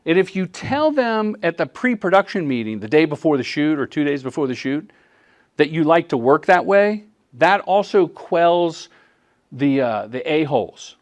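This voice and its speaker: A middle-aged man, a commercial director, giving a live workshop talk as an animated storyteller. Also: a little high, moderate pace. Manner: animated storyteller who acts out quotes.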